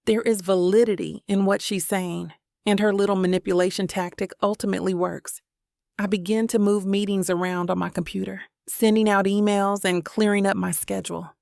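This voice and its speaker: A woman's voice: medium pitch, steady tone, moderate pace, creaky, darkish tone, dry recording, studio quality. A woman narrating a first-person romance audiobook in a wry, self-questioning inner voice.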